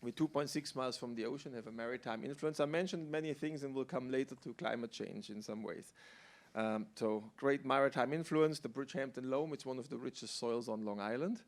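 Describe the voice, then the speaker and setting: A middle-aged man from Germany speaks on a panel as a winemaker, at a middle pitch. His delivery is relaxed, and he tells his story with fillers. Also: fairly quick. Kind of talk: panel talk.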